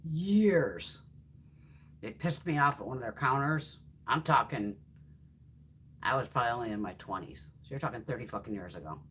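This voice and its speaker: Low-voiced, blunt, foul-mouthed woman. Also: slight background noise. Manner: blunt, profane, animated storyteller. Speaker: beauty YouTuber. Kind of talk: casual livestream chat while swatching makeup.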